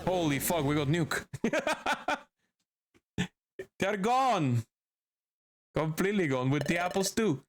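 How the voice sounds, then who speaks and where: A man streams a game, reading along and tossing out joking, salty reactions. His voice sits a bit high, and game music plays clearly behind him. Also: animated, slow, pauses often. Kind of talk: casual game commentary.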